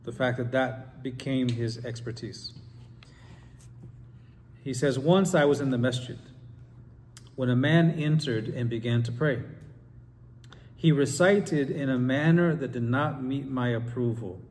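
A man's voice: mid-range voice, measured pace, long pauses, darkish tone. Man teaching a class in a reverberant hall. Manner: asks the class questions, reads quotes aloud. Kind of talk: Islamic study class. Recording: long hall reverb, faint ambience.

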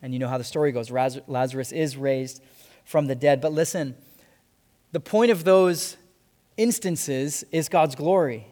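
A man preaching a sermon as pastor, earnest, repeating key phrases and slowing down to stress them. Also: medium pitch, mellow. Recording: long hall reverb.

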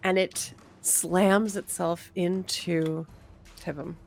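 Woman game master, slightly low voice, chatty filler-heavy narration, faint music behind. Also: steady tone, takes it slowly, gravelly.

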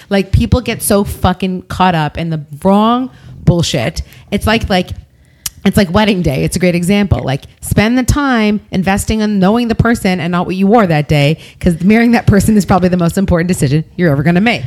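A woman's voice: mid-range voice, fairly quick, a little mellow. A woman hosting a casual podcast chat, speaking candidly and swearing freely.

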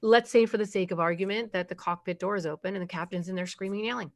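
A middle-aged woman speaks as a parenting expert in a relaxed interview. Her voice sits at an ordinary pitch. She is emphatic and keeps tossing in rhetorical questions. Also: fast talker, hardly any pauses. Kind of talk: conversational podcast explanation.

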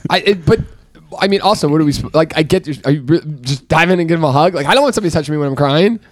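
A man hosting a casual chat among friends, telling animated, teasing stories. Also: a little high. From from an Irish Catholic family. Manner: fast, animated storytelling, teasing. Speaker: podcast host.

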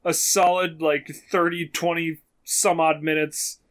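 A young man with a high, bright voice tells a story in loose, casual chat. He is animated and swears freely as he goes. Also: measured pace. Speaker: podcast co-host telling a story.

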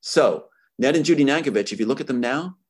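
Husky male guest, heated and accusatory, pitch in the middle range. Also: expressive, quick pace. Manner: angry and emphatic, accusatory. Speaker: interview guest. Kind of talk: impassioned interview talk.

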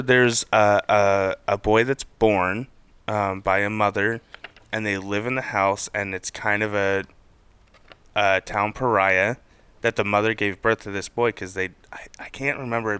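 A man's voice: moderate pace, clear, resonant tone, dry recording. A young man co-hosting a podcast in casual chat, telling stories and acting out quotes with big jumps in his voice. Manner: animated storyteller, acts out quotes with big pitch jumps. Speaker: podcast co-host.

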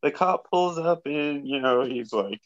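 A man's voice: a little high, animated, unhurried, no echo, lo-fi sound. A man who is a podcast guest, telling a story in a laid-back, rambling way with fillers. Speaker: podcast guest, best friend. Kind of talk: casual storytelling.

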